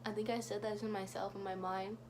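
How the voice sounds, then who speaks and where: A woman's voice: medium pitch, little pitch movement, brisk, a little mellow, a little hiss or hum. A woman telling a rambling, gushing story for her vlog, leaning on "like" again and again. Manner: gushing, rambling, heavy use of "like". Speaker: vlogger.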